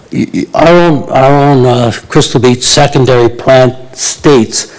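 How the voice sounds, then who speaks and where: Man in his eighties, blunt and indignant, halting with fillers, mid-pitched voice. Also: a little mellow, rough recording. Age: 80s. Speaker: resident speaking at a public meeting. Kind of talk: public delegation to council.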